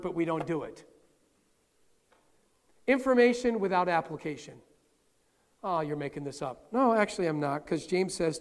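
A middle-aged male pastor giving a conversational sermon in a church, with playful asides to the congregation. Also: a little high. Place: church sanctuary. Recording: long hall reverb.

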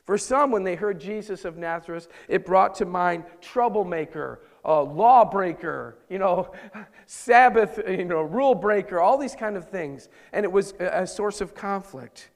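A man preaching a sermon as pastor, moving between loud emphasis and hushed, intimate asides. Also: high voice, animated, unhurried. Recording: long hall reverb.

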